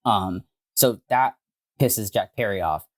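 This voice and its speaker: A man co-hosting a podcast, telling a story in a casual, animated way with frequent swearing and filler words. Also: fairly low pitch, slow pace. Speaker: podcast co-host.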